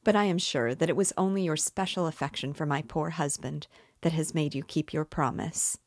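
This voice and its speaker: A woman's voice: low-pitched, normal speed, no room sound, studio quality. A woman voicing a proud, bitter, impoverished widow who plays hostess, speaking in a haughty, indignant manner while reading a novel aloud. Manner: haughty and indignant, raising her voice.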